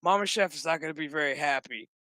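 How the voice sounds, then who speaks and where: A woman in her thirties rants her way through a TV episode recap, swearing constantly and animatedly. Her voice is forceful and the sound is close and dry. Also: low voice, quick pace, dry recording. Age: 30s. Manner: ranting, heavy swearing, animated. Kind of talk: casual profane episode recap.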